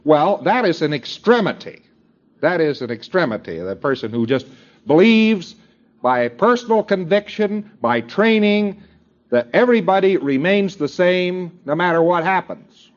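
A man's voice: high voice, lively intonation, measured pace. A man giving a lecture to students, rambling with many fillers and acting out little dialogues. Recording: dull lo-fi tape recording.

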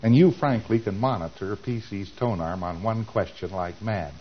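A man giving a lecture, acting out exchanges with quick mumbled asides. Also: fairly low pitch, highs cut off, a little hiss or hum. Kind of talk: recorded lecture.

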